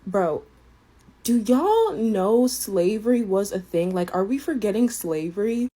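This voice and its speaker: A woman's voice: mid-range voice, very animated, unhurried, mellow. A woman of Caribbean family telling a casual story in an exasperated, indignant way.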